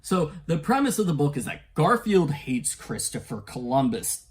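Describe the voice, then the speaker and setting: A man's voice: fairly high pitch, big pitch swings, normal speed. A man giving a casual spoken book review. He stammers, repeats words and chuckles between points.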